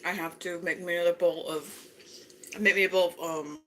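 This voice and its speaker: A woman's voice: on the low side, fairly even intonation, a little fast, bright, forceful tone, slight background noise, rough recording. A woman vlogger chatting casually as she eats breakfast at home, often humming "mm" between her words. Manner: chatty, savoring food aloud with frequent mm sounds. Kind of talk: casual chat while eating.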